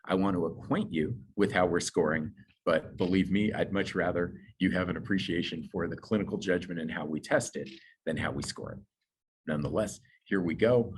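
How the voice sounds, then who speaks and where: This man teaches nursing exam candidates about scoring, keeping the lecture chatty with asides and filler words. His low voice sounds slightly worn out. The low-quality recording carries a little hiss or hum.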